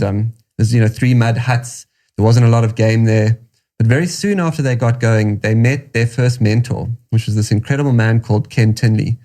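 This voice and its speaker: A man from South Africa with a South African accent, a podcast guest telling his story in a measured, reflective way. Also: on the low side, dark tone. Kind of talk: storytelling interview answer.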